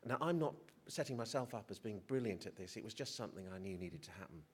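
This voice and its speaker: A man's voice: fairly low pitch, animated, fast, breathy edge. Hesitant middle-aged male physician speaker. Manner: hesitant, restarts, self-deprecating humour. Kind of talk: conference presentation. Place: conference hall.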